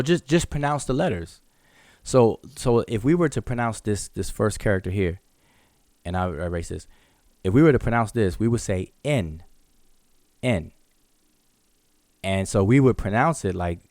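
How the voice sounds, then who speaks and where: Deep-voiced man teaching at a whiteboard. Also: darkish tone, no room sound, clean studio sound. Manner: explanatory, repeats words and restarts, demonstrates sounds. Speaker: hieroglyphics teacher. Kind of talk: live online Q&A lesson.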